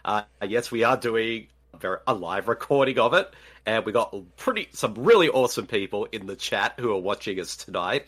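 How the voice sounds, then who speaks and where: An Australian man co-hosting a live podcast, casual, jokey and excitable. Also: lowish voice, brisk. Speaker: podcast co-host.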